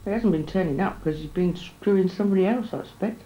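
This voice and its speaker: A woman's voice: on the low side, fast, warm tone, rough recording. A woman, talking frankly and bluntly in a candid documentary interview. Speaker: documentary subject.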